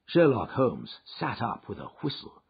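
A man reading a story aloud as narrator, in a measured storytelling delivery, in a dull, muffled recording. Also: medium pitch, huge pitch swings, creaky, breathy edge. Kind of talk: scripted narration.

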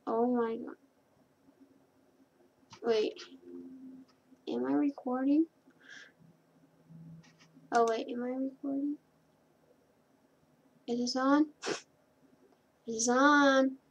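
A woman's voice: high-pitched, steady tone, extremely slow, long pauses, highs cut off. A woman chatting casually as she plays a computer game, rambling and correcting herself as she goes. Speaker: gameplay commentator. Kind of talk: casual gameplay commentary. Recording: keyboard clicks and clear background noise.

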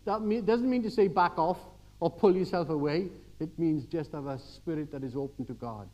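An older man giving a church sermon, telling everyday stories and swinging from quiet asides to emphatic exhortation. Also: on the high side, normal speed, hardly any pauses, low-quality recording. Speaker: preacher.

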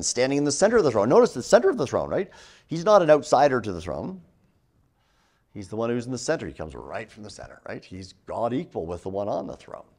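Lively-voiced man lecturing on scripture. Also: mid-range voice. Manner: animated teaching with frequent "right?" tags. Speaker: theology lecturer. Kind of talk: classroom lecture.

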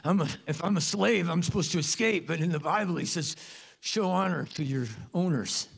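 A man preaching a sermon as pastor of a church, animated and joking, with sudden loud bursts. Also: a little high, normal speed, vocal fry, breathy edge. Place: church sanctuary.

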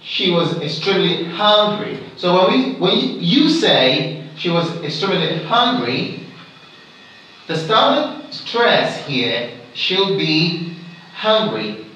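A man's voice: high voice, very animated, takes it slowly, bright, forceful tone. A man teaching an exam-prep English lesson, repeating example sentences and checking that students follow. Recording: very echoey room, mic far off.

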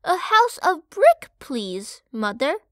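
A woman's voice: extremely high pitch, takes it slowly, no room sound, studio quality, pitched above the performer's own voice. A woman voicing the youngest boy pig, sensible and polite, speaking earnestly in an audiobook. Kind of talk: audiobook character voice.

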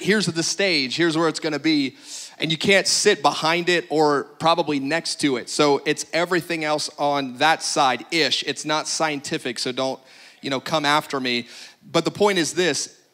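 A man's voice: on the high side, sharp tone. A man pastor giving humorous practical announcements to a congregation, joking and exaggerating for laughs.

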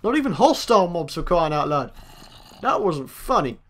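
A man's voice: fairly high pitch, very animated, normal speed, fairly bright tone, a little hiss or hum. A young man, a gaming host, chatting to himself through a let's play and taunting the monsters he meets. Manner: chatty self-talk, taunts game mobs.

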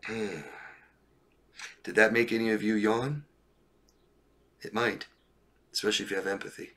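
A man's voice: on the low side, level tone, moderate pace, a bit bright. A man coaching on relationships during a live stream, reading viewer questions and answering bluntly, often checking in with "right?" and "okay?".

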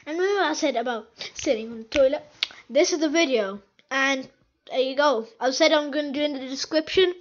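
A woman giving excitable, chatty commentary over her own gameplay video, repeating phrases over and over. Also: high voice, fairly quick, lo-fi sound. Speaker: gaming video host.

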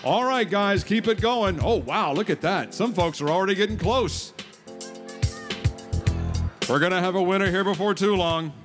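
A man's voice: sits high, moderate pace, long pauses, music in the background. A man emceeing a live food-eating contest, joking with contestants and hyping up the crowd. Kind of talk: live event announcing on a PA.

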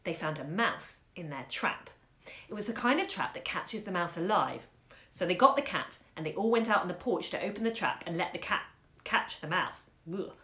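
A woman's voice: on the low side, normal speed. Woman reading a story aloud in an echoey room. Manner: animated, acts out the story's action. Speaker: bookshop host reading a short story aloud. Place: room at home. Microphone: phone on a live stream. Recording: roomy echo.

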